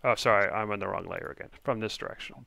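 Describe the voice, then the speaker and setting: A man's voice: fairly low pitch, fast, gravelly, bright, forceful tone, dry recording, muffled recording. A man narrating a tabletop game as game master, hesitant and full of fillers, over online voice chat.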